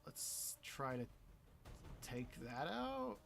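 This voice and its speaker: A man streaming a video game in a playful, giggly way who swings between quiet muttering and excited outbursts. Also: mid-range voice, very slow, creaky, soft background music. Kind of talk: casual gameplay commentary.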